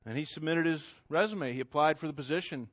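A man's voice: on the high side, fast talker, dry recording. A man telling a story in a casual, conversational way, with asides to the listener. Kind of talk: oral storytelling.

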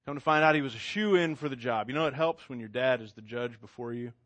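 A man's voice: mid-range voice, animated, fast talker, a bit bright, dry recording. A man telling a story in a casual, conversational way, with asides to the listener. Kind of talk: oral storytelling.

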